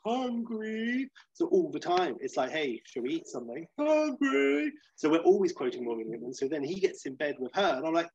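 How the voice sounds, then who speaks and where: A man's voice: husky, no room sound, lo-fi sound. A man chatting casually as a podcast co-host, reviewing films and acting out quotes in silly voices. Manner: animated, acts out quotes in high silly voices. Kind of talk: casual film review chat.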